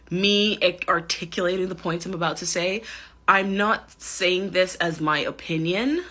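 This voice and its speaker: A woman's voice: sits low, bright, forceful tone, husky. A woman giving casual commentary on camera, chatty and giggly, with lots of ums and hedging, recorded on a phone. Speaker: vlogger reacting to a clip.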